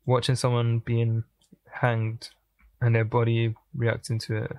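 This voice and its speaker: A man hosting a music reaction, thinking aloud in casual commentary with pauses and restarts. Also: mid-range voice, monotone, a little mellow. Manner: thinking aloud, musing and pausing.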